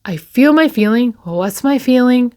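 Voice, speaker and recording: A woman and parent hosting a recovery talk, speaking candidly and slowly with frequent pauses and repeated words. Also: fairly high pitch, expressive, dark tone. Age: adult with children. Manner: candid and slow, pausing often and repeating herself. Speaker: recovery channel host. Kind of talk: reflective personal talk to camera.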